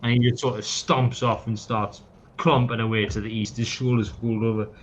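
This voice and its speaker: A man's voice: medium pitch, little pitch movement, normal speed, a little hiss or hum. A man narrating a tabletop game as game master, casual and peppered with swearing and fillers, on a dull lo-fi mic.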